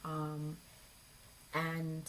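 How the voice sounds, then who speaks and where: A woman's voice: low-pitched, monotone, extremely slow, fairly bright tone, slight background noise, poor audio. A young adult woman vlogger telling a personal story in a casual, rambling way. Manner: chatty, rambling, with fillers and acted quotes.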